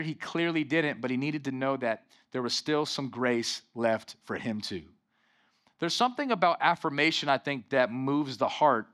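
A young adult man preaching a sermon as pastor, animated and calling out for amens from the congregation. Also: fairly high pitch. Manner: animated preaching with call-and-response "amen".

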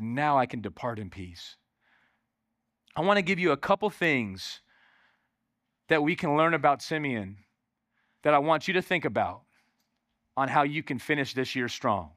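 A pastor delivering a lively sermon in church, calling out to the congregation with exclamations. His voice is high and bright, heard dry and close. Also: moderate pace, pauses often, no room sound. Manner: calls on the crowd, exclaiming and animated.

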